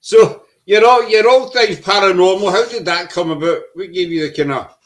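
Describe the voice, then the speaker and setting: A man's voice: high-pitched, normal speed. Man hosting a casual video-call show. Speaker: podcast host.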